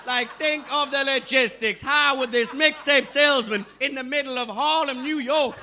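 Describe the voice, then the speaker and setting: A man's voice: very high voice, normal speed, hardly any pauses, pushed and bright, slight background noise. A man from Newcastle doing a stand-up comedy set on a club stage, rowdy and swearing as he teases the crowd. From Newcastle upon Tyne, England.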